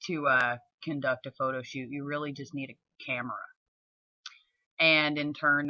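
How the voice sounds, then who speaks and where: A woman's voice: deep voice, sharp tone, dry recording, highs cut off. A young woman with a Southern accent chatting casually to camera from her floor at home, blunt and laid-back with plenty of fillers. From southern United States. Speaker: model and vlogger. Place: home, sitting on the floor indoors.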